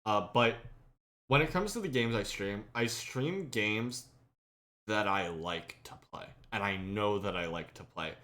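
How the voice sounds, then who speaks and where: Bright-voiced man telling a gaming story. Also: on the low side, measured pace. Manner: animated, acts out friends' lines loudly, laughs. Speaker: podcast host and streamer. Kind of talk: casual storytelling chat.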